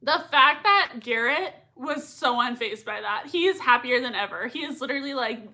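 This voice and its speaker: A woman's voice: sits high, expressive, moderate pace, few pauses, pushed and bright. A young woman hosting a live reaction stream, gushing and repeating herself as she reacts and reads chat messages. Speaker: livestream reaction host.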